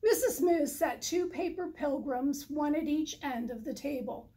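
A woman reading a children's story aloud in a slow, careful way. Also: high voice, dark tone, slight background noise. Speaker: story reader.

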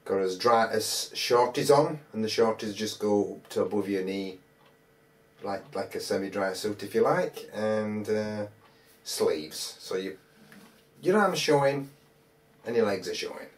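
A man's voice: on the low side, measured pace. Rambling man, slightly distant. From England. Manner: rambling, colloquial storytelling with hesitant restarts. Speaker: metal detecting vlogger. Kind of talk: casual spoken anecdote.

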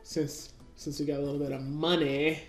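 A let's-play gamer chats casually about her gameplay and talks to her characters, speaking in a low, darkish voice with fairly even intonation at a moderate pace. The room is echoey, with faint music in the background.

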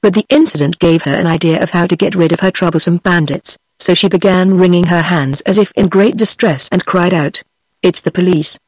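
A computer-generated woman's voice with a British accent, reading a fairy tale aloud in an even synthetic manner. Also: fairly low pitch, fairly quick, few pauses, slightly rough, dry recording. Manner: even synthetic reading of all parts in one voice. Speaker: narrator. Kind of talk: text-to-speech audiobook reading.

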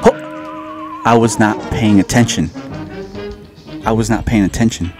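A man's voice: fairly low pitch, steady tone, unhurried. A man casually commenting on his own gameplay, joking at himself and repeating words as he plays. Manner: jokey, self-mocking, repeats words. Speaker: gaming channel host. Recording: game music playing behind.

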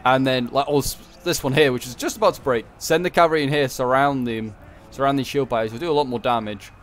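Man of mid pitch for relaxed game commentary, chatty and meandering with wry jokes and mid-sentence corrections. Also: fast talker. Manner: rambling, self-correcting, joking asides. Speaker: gameplay commentator. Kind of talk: casual strategy game commentary.

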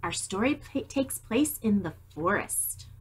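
A woman reading a picture book aloud to young children, animated and asking them questions. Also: medium pitch, measured pace, a little hiss or hum. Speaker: storytime reader.

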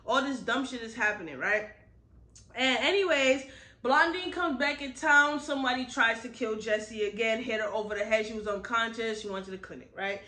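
A woman's voice: fairly high pitch, normal speed. A woman giving a casual book review recap, talking bluntly and with lots of slangy asides. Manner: animated, blunt, slangy storytelling with frequent asides.

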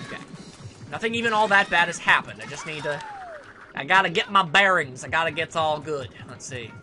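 A young man giving casual, sarcastic gameplay commentary, grumbling at the game and now and then bursting into shouts. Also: on the high side, wildly swooping pitch, brisk. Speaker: let's play commentator. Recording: faint game music behind.

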